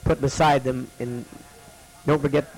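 Slow-talking man teaching the alphabet. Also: mid-range voice, steady tone, darkish tone, rough recording. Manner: slow, repeats sounds over and over for students to copy. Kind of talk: classroom alphabet lesson. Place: classroom.

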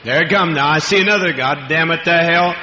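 A man's voice: on the high side, fairly quick, noisy background. A man preaching at a healing service, cursing freely and barking commands at the congregation. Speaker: preacher and faith healer. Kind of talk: fiery healing-service sermon. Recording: dull lo-fi archive recording in a reverberant hall.

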